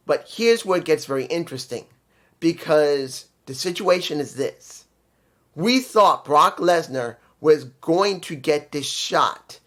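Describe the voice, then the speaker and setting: A man in his fifties talks through his opinions in a loose, rambling way, with frequent frustrated asides. His voice sits a little higher than most men's. He sounds like a casual solo vlogger reviewing an event. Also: fairly bright tone. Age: 50s. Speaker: wrestling commentary vlogger.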